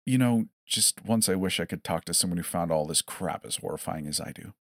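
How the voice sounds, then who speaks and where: A jittery, fed-up man in a horror audio story, as a narrator puts him on, blunt and exasperated. His deep voice is close to the narrator's own, recorded close and dry. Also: brisk, no echo. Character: nervous, desperate, fed-up man.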